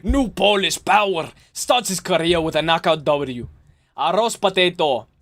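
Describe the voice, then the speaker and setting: A man hosting a live stream, chatting casually and excitably with his viewers and laughing often. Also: high-pitched, a little slow. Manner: excitable, laughs often, talks straight to chat. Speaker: livestream host.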